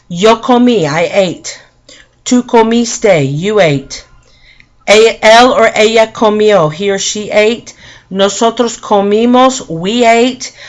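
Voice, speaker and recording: A woman at an ordinary mid pitch leads a classroom grammar lesson from a textbook. She explains patiently, often stops to correct herself, and repeats each form so the class can follow. When she reads word forms, she slows down and stresses each syllable clearly. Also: a bit bright. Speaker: Spanish teacher.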